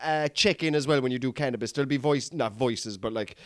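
A man's voice: mid-range voice, a little fast, a bit bright, no room sound, clean studio sound. An Irish man who hosts a comedy podcast, telling a rambling, sweary story and calling his listeners lads. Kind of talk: casual storytelling monologue.

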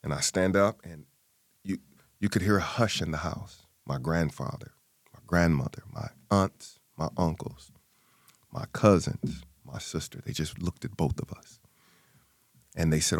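A man's voice: sits low, moderate pace, no echo, clean studio sound. A middle-aged man, an interview guest, telling a personal story and acting out the voices of his family.

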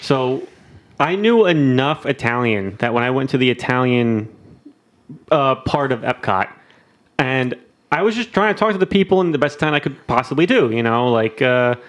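A man's voice: medium pitch, lively intonation, moderate pace. A man in casual chat, telling a rambling story with many restarts.

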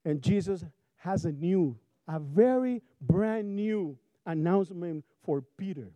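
High-voiced preacher with a Spanish accent. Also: male voice, slow pace, no room sound, muffled recording. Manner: animated, joking, rhetorical questions to the congregation. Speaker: pastor. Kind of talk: sermon.

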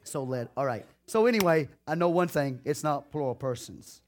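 A man's voice: a little high, moderate pace. A man preaching a sermon in a church, talking straight to the congregation and asking them questions as he goes. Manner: lively preaching, calls out to the congregation.

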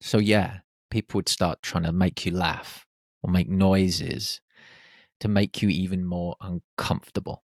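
Man, 40s, from the UK, very low voice, dry recording, reflective podcast storytelling. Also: steady tone, measured pace, no echo. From United Kingdom. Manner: reflective, reenacts his own nervous inner voice in hushed tones. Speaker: podcast host. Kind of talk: personal storytelling.

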